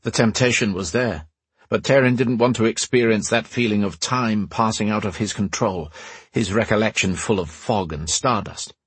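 A man giving steady, measured scripted narration of a fantasy audiobook in a slightly husky voice. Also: lowish voice, dry recording.

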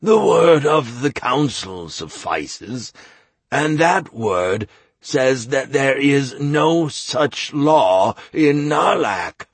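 A cunning masked councilman presses his questions in a quiet, pointed tone, as a man reads him. The voice is husky and unhurried, in a dry, close recording. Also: mid-range voice, sing-song, dry recording, pitched above the performer's own voice, full character voice. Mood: cool.

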